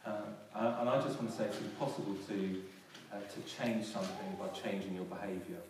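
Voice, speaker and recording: Man, pastor, low voice, earnest sermon, restarts phrases, booming hall echo. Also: steady tone, fairly quick. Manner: earnest, repeats and restarts phrases, rises for emphasis. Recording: echoey hall from far off, faint noise.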